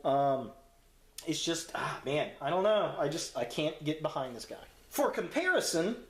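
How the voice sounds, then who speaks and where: A man in his thirties with a fairly high voice hosts a casual toy review and speaks bluntly about what he doesn't like. He hedges his words with many ums and uhs and often restarts his sentences. His voice bounces around an echoey room. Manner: blunt, frank opinions with many fillers and restarts.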